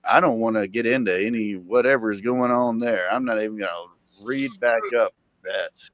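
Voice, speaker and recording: A man chatting casually on a live stream, rambling and swearing with sudden loud outbursts. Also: on the low side, normal speed, dull audio.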